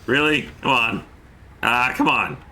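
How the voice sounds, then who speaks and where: A man's voice: mid-range voice, a little slow, bright, forceful tone. A man streaming a game, chatting casually, joking and reading chat messages aloud. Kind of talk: casual gameplay commentary.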